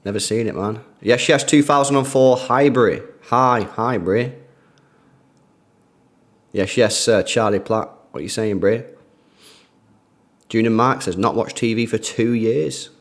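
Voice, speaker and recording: A man's voice: medium pitch, a little slow, long pauses. A young man, streaming a football watchalong, chatting casually and greeting donors by name in slangy speech. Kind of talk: casual live-stream chat reading donations.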